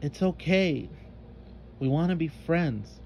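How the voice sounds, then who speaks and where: A man's voice: on the high side, lively intonation, slow pace, creaky, darkish tone, muffled recording, slight background noise, pitched above the performer's own voice, exaggerated voice. A man doing a curious young monkey girl.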